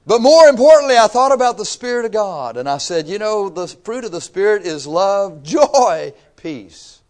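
Pastor guy, 50s, folksy sermon, kinda high voice, gets loud and emphatic. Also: animated, fairly quick. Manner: folksy, conversational preaching with rising emphatic bursts.

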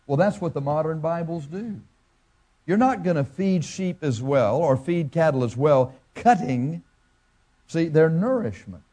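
Pastor, male, preaching. Folksy, asks the room questions, mellow tone. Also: a little high, expressive, a little slow. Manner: farm analogies. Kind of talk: sermon.

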